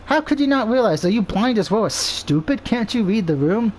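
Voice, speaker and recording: A man's voice: sits high, lively intonation, a little fast, slight background noise. A man reading the lines of a haughty, bossy succubus girl who snaps insults at everyone. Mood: snippy. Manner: scornful, snapping insults.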